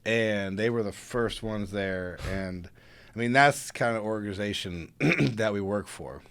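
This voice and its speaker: A man, a podcast guest, telling a personal story in a casual, animated and humorous way. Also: on the low side, a little slow, clear, resonant tone.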